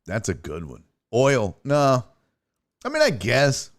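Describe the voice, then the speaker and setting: A man's voice: medium pitch, huge pitch swings, slow. A man hosting a podcast, telling rambling road-trip stories in casual, profane talk. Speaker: podcast host. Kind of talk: casual storytelling monologue.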